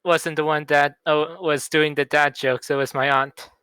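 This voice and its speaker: A man playing a tabletop role-playing game, speaking slowly and a little hesitantly. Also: a little high, level tone, sharp tone, clear, resonant tone, no room sound, low-quality recording. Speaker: player. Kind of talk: casual tabletop game chat.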